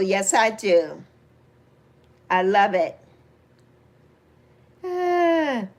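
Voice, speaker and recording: A woman's voice: high-pitched, big pitch swings, extremely slow, pauses often, fairly bright tone. A woman in her sixties hosting a casual livestream, chatting affectionately with viewers and greeting them by name. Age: 60s. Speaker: livestream host. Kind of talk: casual livestream chat reading comments.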